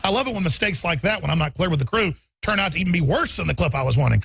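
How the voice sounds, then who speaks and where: Male radio host, mocking political commentary, husky, dry close sound. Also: on the high side, animated, a bit bright, dry recording. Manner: rapid, mocking, emphatic.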